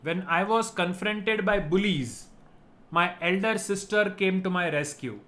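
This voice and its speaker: High-voiced man teaching. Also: unhurried, a bit bright. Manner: explanatory, repeats key words, ends points with "right?". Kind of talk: vocabulary lesson.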